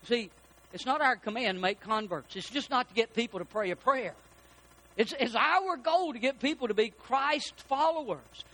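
A man preaching a sermon in a church, folksy and animated, asking his congregation questions. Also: extremely high pitch, moderate pace. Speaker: pastor. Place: church sanctuary.

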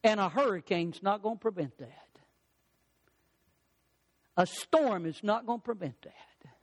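High-voiced preaching man. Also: lively intonation. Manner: preaching with rising, emphatic repetitions; slows and stretches key phrases. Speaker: pastor. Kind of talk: sermon.

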